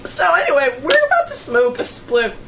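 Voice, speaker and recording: A woman's voice: high-pitched, huge pitch swings, moderate pace, heavy background noise. A woman with a nasal voice, recovering from a voice problem, chatting casually and jokingly with friends as a podcast co-host. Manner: joking, self-mocking. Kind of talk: casual chat among friends.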